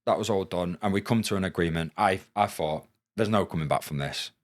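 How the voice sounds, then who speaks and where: Very deep-voiced man, candid. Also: a little fast, no echo, clean studio sound. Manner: frank, casual, swears freely. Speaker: podcast guest, former footballer. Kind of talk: candid storytelling.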